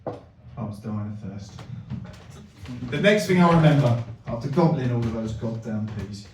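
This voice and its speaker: A man performing stand-up comedy, telling a long absurd story with deadpan build-ups and loud punchlines. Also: medium pitch, measured pace, far from the mic, a crowd in the background. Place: comedy venue with live audience. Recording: echoey room miked from afar.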